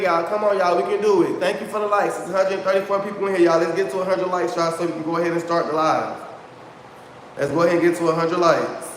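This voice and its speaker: A man's voice: high-pitched, fairly bright tone, echoey room, in a large hall, slight background noise. A man hosting his own livestream in casual chat, talking straight to his viewers and repeating himself often. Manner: chatty, repeats himself, addresses viewers as y'all. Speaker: livestream host.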